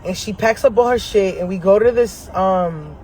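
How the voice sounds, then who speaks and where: A man with a high, bright-pitched voice vlogs from the driver's seat of his car. He tells rambling stories in a slangy, profane way and laughs often. A faint hum of vehicles comes through from outside. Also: normal speed. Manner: animated, profane, slangy storytelling; laughs often between lines. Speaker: astrology vlogger. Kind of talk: casual chat to camera. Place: inside a parked car.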